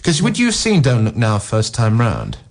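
A male film critic on a radio show, talking casually and at length, with frequent "you know" fillers and quick asides. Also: mid-range voice, wildly swooping pitch. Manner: discursive, peppered with "you know" and "no"; acts out characters' lines in passing.

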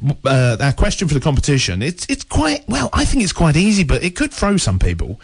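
A man's voice: fairly high pitch, wildly swooping pitch, fairly quick, husky, no echo. A male radio presenter interviewing a guest in a chatty, jokey manner.

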